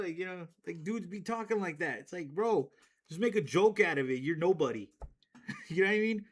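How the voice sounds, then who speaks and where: A man with a voice pitched a little above most men's, holding forth in a loose, profane rant to his stream. He rambles, restarts his thoughts, and breaks into laughs at his own stories. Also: lively intonation, normal speed, husky. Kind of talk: casual rant to stream chat.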